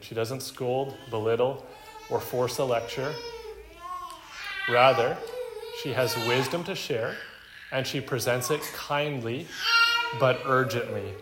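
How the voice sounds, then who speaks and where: A man's voice: mid-range voice, fairly bright tone. A male pastor preaching an expository sermon, earnestly explaining scripture step by step. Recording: echoey room with faint noise.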